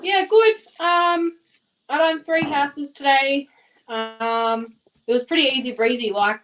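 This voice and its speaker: A woman's voice: high voice, takes it slowly, a bit bright, far from the mic, slight background noise. A woman in casual chat, chatty and teasing. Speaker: voice chat member.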